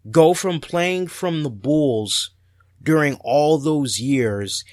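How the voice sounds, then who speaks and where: Podcast host, man: animated, loose, profane storyteller; slightly high voice, dry sound. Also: dry recording. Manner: animated, swears freely, doubles his words. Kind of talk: casual storytelling rant.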